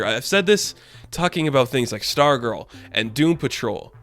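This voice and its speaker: Excited rambling young male reviewer. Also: mid-range voice. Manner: enthusiastic, rambling, lots of "like". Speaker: YouTube reviewer. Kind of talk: casual TV episode review.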